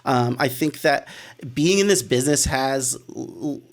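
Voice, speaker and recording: Man, mid pitch, casual co-host, reflective delivery. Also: unhurried. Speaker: podcast co-host. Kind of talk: casual discussion.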